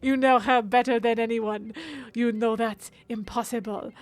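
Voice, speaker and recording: A woman's voice: fairly high pitch, steady tone, normal speed, lightly acted. A woman reading game dialogue aloud as a hammy noble with a put-on French accent, mock-grave and slipping into giggles.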